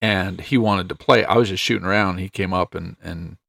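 A man's voice: deep voice, a little fast, creaky, a bit bright, dry recording, studio quality. A man co-hosting a podcast with his brother, telling family stories in a rambling, casual way and chuckling often. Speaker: podcast co-host. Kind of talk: casual chat.

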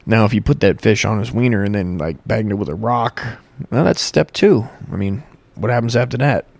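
Low-voiced man, crude and rambling comic monologue, dry mic. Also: animated, brisk, gravelly, a little mellow, dry recording. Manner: crude, profane, self-correcting.

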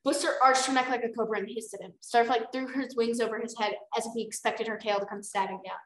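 A young woman co-hosting a podcast, reading a novel aloud with excited casual comments as an animated fan. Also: on the high side, fast. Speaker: podcast co-host, reader. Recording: roomy echo.

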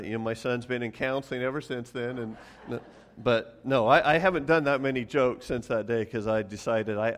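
A man preaching a sermon as pastor, telling stories casually and often repeating words as he goes. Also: medium pitch. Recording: long hall reverb.

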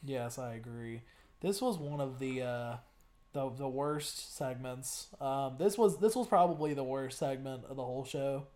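A young man chats casually as a podcast co-host. He talks excitedly, swears freely, and keeps stumbling and repeating his words. His voice sits at an ordinary middle pitch. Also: a little slow. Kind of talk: casual chat.

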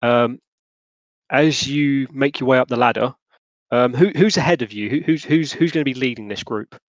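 A man narrating a tabletop role-playing game as game master, often pausing and restarting his sentences. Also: mid-range voice, no room sound. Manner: hesitant, lots of ums and restarts. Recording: dull lo-fi sound.

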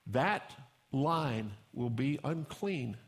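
A man's voice: mid-range voice, lively intonation, very slow. A man pastor preaching a sermon in a folksy storytelling way, acting out the characters he describes.

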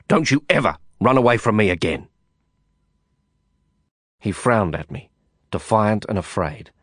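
A man narrating a first-person novel in a measured, reflective storytelling manner. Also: fairly low pitch, no room sound, studio quality. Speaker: audiobook narrator.

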